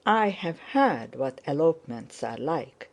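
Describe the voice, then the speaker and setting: A woman's voice: low-pitched, sing-song, vocal fry, full character voice. A woman reading the lines of a bold, scheming young man who barks orders at servants. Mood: commanding. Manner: brisk, commanding, shouts at servants.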